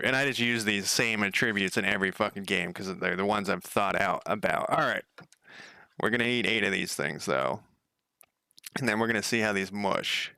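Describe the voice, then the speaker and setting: A man's voice: fairly low pitch, creaky, sharp tone, clean tone, dry recording, studio quality. A man coding a game on a casual livestream, thinking aloud, rambling, swearing casually and chatting with viewers.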